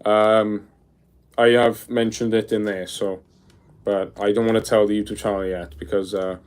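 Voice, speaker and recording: A man in his twenties chatting casually on a live stream, excitable and saying "bro" a lot. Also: lowish voice, moderate pace, clear, resonant tone. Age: 20s. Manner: excitable, peppers speech with "bro", reads chat aloud.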